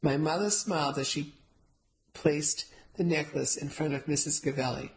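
A woman's voice: low voice, normal speed, rough recording. A woman narrating a first-person novel, telling the story steadily with light character voices. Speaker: audiobook narrator.

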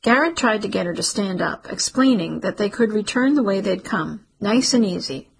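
A woman narrating a novel in steady, measured scripted narration. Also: medium pitch, vocal fry, slightly rough, poor audio. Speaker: audiobook narrator.

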